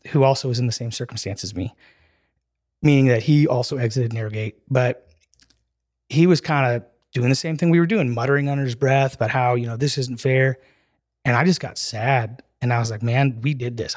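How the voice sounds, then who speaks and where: An earnest man at a middle pitch, telling his own story to a podcast host. He talks casually and animatedly, slipping into the voices of the people he quotes and scattering "like" and "dude" throughout. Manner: animated storyteller who acts out dialogue with "I'm like" and "he's like"; earnest and emotional, with filler "like" and "dude". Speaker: podcast guest.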